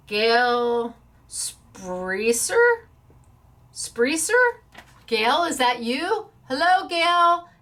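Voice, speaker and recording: Chatty lady hosting a craft show, bit high voice, bubbly and playful. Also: bright, forceful tone. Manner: bubbly, playful, stumbles over names with laughs. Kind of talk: casual chat announcing giveaway winners.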